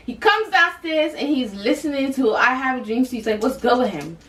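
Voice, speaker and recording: A young woman vlogger telling a personal story in casual, animated, slang-heavy chat, talking to her viewers. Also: high-pitched, brisk, recorded from a distance. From Boston area. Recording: roomy, from off the mic, faint hiss.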